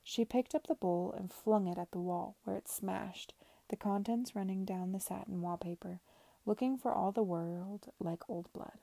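A woman reading a novel aloud in a soft, half-whispered narration. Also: mid-range voice, normal speed, gravelly, no echo. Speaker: reader.

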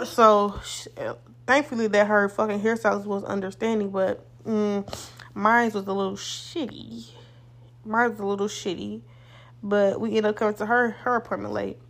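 A woman's voice: medium pitch, flat delivery, moderate pace. A young woman hosting a podcast, telling a casual storytime monologue in a blunt, profane, rambling way. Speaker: podcast host.

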